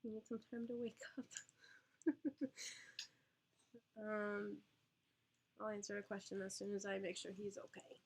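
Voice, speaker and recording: A woman's voice: medium pitch, fairly even intonation, unhurried, vocal fry, long pauses, darkish tone, slightly rough. A young woman and mother answering viewer questions on a casual live stream, with lots of ums and small laughs. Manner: chatty, lots of ums, talks to her baby. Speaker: vlogger and mother.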